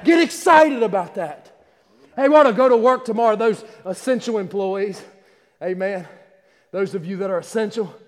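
Man, fervent preacher, high voice, long hall reverb, stammering restarts. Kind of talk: livestreamed Easter sermon. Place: small church.

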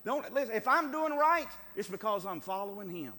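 A man preaching a sermon as pastor, emphatic and calling for amens, moving between loud urging and hushed, quiet lines. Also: sits high, lively intonation, moderate pace, long reverb tail.

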